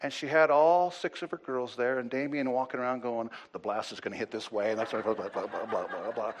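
A man preaching as a pastor, telling a story with lively acted-out quotes and swings between loud and hushed delivery. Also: mid-range voice, brisk, a little hiss or hum. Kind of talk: sermon storytelling.

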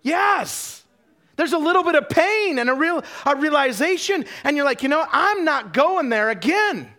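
High-voiced man preaching with animated questions. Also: normal speed. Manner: animated storytelling with rhetorical questions to the congregation; repeats words when starting sentences. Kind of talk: sermon.

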